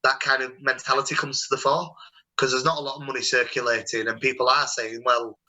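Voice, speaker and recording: A young man hosting a relaxed call, telling stories in a rambling, chatty way with plenty of restarts. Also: mid-range voice, fairly quick, poor audio. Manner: chatty, rambling, warm storytelling with many restarts. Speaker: host. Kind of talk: casual video-call chat.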